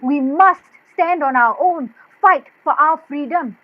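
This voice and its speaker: In a staged play reading over a video call, a woman with a high-pitched voice plays a plucky young Indonesian maid who talks bluntly. She speaks at a measured pace in an earnest mood, and the video-call audio sounds dull and muffled.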